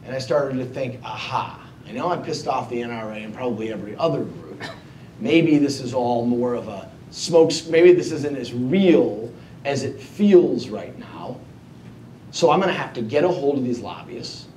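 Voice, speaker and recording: A man giving a motivational storytelling speech to an audience, animated and self-mocking as he acts out his own past thoughts. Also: normal speed. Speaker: keynote speaker. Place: event hall before an audience. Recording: echoey hall, distant mic, faint rumble.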